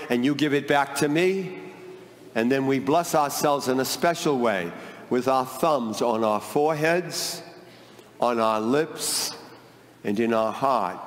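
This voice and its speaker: A priest leading a mass, explaining the gospel slowly and gently to children. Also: male voice, mid-range voice. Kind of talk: mass with gospel reading and teaching. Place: church. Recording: long church reverb with music.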